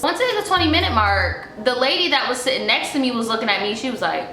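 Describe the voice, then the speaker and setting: A young woman telling a storytime vlog in a sassy, profane, animated way, in an echoey room with faint music. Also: fairly high pitch, quick pace, hardly any pauses. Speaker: vlogger.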